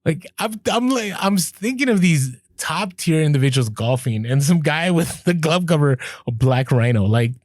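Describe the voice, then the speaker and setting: A man co-hosting a podcast, telling a story in casual chat, animated, laughing as he goes and acting out what people said. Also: fairly high pitch, normal speed, few pauses, no echo, studio quality. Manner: animated, laughs through stories, acts out quoted lines. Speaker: podcast co-host.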